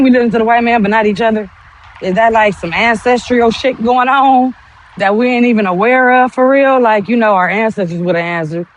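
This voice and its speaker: A woman hosting a podcast, talking bluntly in a casual monologue full of rhetorical questions. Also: medium pitch. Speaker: podcast host.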